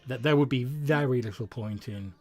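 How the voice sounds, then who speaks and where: A man's voice: mid-range voice, normal speed, a little mellow, voice pushed up, close to an everyday voice. A man voicing an eager, flowery male wandering bard who stammers as he talks.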